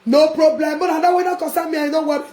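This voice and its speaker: A woman with a high voice and a Nigerian Pidgin accent rants defiantly on a live video. Her voice carries an echo from the room around her. She laughs and shouts as she talks. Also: fairly even intonation, fast. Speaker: vlogger. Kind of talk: casual live-video rant.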